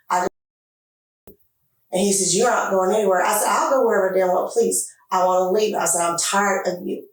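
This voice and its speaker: A woman being interviewed by detectives, retelling events in an animated way, acting out what was said and swearing freely. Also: mid-range voice, normal speed, pauses often. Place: interrogation room. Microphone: distant room camera mic. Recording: echoey room picked up from far off.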